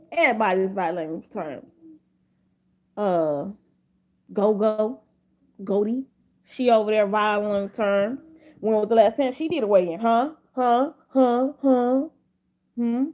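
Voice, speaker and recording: A woman's voice: on the high side, expressive, unhurried, pauses often, highs cut off. A woman giving casual drama commentary to camera, rambling and profane, with many repeated restarts. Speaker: commentary vlogger.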